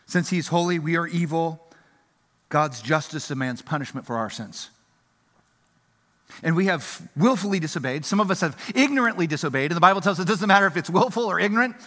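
A man preaching a sermon in an animated, emphatic way, swinging between loud passages and hushed ones. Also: a little high, a little fast. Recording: reverberant hall.

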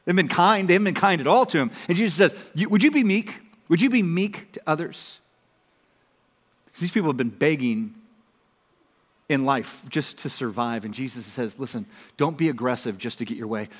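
A man preaches a sermon in a casual, conversational way, his voice sitting a little high for a man. He rises to loud emphasis and then drops to near-whispered lines. A long reverb hangs around him as in a large hall. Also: lively intonation, normal speed. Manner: conversational, swings from loud to hushed. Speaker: pastor.

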